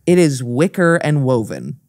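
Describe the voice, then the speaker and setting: Brash, animated female podcast guest; storyteller who swears freely. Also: rumbling low, unhurried, no room sound, studio quality. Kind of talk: casual chat, storytelling.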